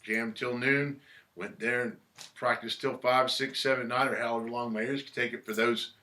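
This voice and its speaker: Man, casual interview guest, laid-back storyteller, swears a lot, bright edgy voice. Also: mid-range voice, flat delivery, normal speed. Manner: laid-back, swears freely, acts out quotes. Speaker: musician guest. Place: record shop.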